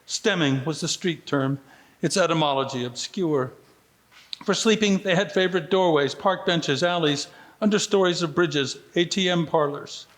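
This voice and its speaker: Author reading at a literary event, male, slightly raised pitch, steady measured delivery. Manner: measured reading, brief lively voicing of quoted lines. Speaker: author reading from his book. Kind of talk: book reading at a festival. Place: festival venue.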